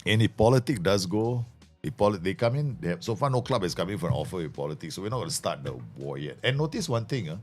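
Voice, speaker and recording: A man's voice: sits low, animated, fast, soft background music. A man giving chatty, jokey live commentary as he streams a game.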